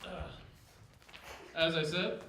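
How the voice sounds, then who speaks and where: A man performing a stand-up set, introducing his bits in a deadpan tone on a comedy stage. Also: on the high side, slow pace, vocal fry, slight background noise. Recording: echoey stage mic.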